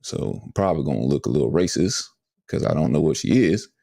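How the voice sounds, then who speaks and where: Male podcast host, very deep, gravelly, drawling. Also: animated, brisk, dark tone, no echo, studio quality. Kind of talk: casual chat.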